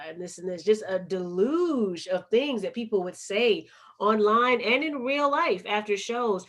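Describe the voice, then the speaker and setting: Speaking at a moderate pace with a medium-pitched voice, this American woman has a Chicago accent. As an interview guest, the poet and activist recounts her story earnestly and with emphasis.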